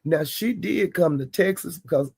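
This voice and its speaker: Host: a man, husky and rough, rambling gossip storyteller. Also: a little high, moderate pace, darkish tone, dry recording. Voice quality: gravelly, husky. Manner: rambling, with quoted asides. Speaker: channel host.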